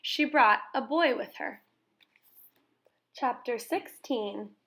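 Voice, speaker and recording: This is a storybook read-aloud of a children's novel by a woman whose voice runs a bit high. She keeps her delivery calm, clear, measured and expressive.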